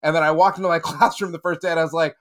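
A man's voice: fairly high pitch, fairly even intonation, very fast, a bit bright. A man in his forties, a teacher, telling a self-mocking story on a casual podcast. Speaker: school teacher, podcast panelist.

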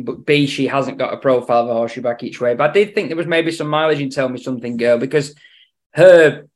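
A man giving racing tips in casual podcast chat, dry in his humour and often repeating words as he thinks aloud. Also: medium pitch. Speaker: racing tipster on betting podcast.

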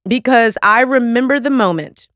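A woman hosting a podcast in casual chat, excitable and emphatic, with slangy Southern-leaning phrasing. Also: fairly high pitch, moderate pace, dry recording, studio quality. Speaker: podcast host.

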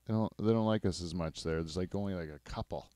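A man hosting a podcast in casual, rambling chat, self-mocking and quick to laugh. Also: deep voice, dark tone, no echo, clean studio sound. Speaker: podcast host.

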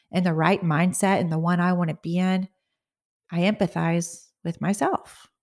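Earnest middle-aged woman podcaster. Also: lowish voice. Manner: earnest, conversational, often asks "right?". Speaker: podcast host. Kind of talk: casual motivational talk.

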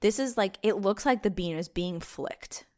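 A woman's voice: medium pitch, moderate pace, darkish tone. Giggly chatty woman co-host. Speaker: podcast co-host. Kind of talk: casual chat.

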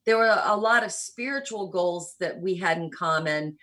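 Husky older woman with faint Southern accent. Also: lowish voice, normal speed, pushed and bright. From rural Kentucky, US. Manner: storytelling, reflective, light humor. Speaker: interview guest, church missionary. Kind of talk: conversational interview.

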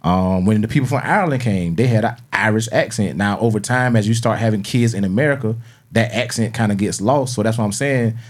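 A man with a lowish voice talks on a casual podcast, working through questions out loud. He rambles, circles back and curses casually as he thinks. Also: a little fast. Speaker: podcast co-host.

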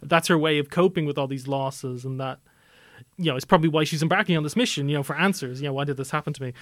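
Podcast co-host: young man, slightly high pitch, chatty and analytical, dead dry mic. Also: fast, fairly bright tone, no echo. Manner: chatty, analytical, many "you know" fillers. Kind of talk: casual film discussion.

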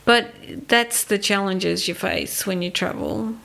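A woman's voice: mid-range voice, huge pitch swings, a little slow, creaky, bright, forceful tone. A middle-aged Australian woman telling a travel story in casual podcast chat, with a vivid, anecdotal way of talking. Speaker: podcast co-host.

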